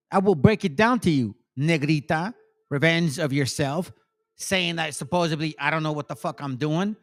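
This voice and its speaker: Angry cursing high-voiced man. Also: a bit bright. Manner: heated, cursing, sarcastic, repeats himself. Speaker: channel host, insurance seller. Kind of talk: angry profane rant.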